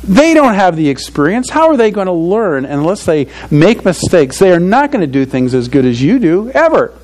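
A man's voice: high voice, sing-song, moderate pace, a little mellow, rough recording. An older man preaching a sermon to fathers in a conversational, earnest way, often saying "you know" and chuckling at his own stories. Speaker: pastor.

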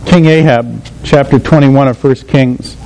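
A man's voice: medium pitch, fairly even intonation, unhurried, vocal fry, poor audio. A man preaching a sermon in a conversational way, often asking his listeners questions.

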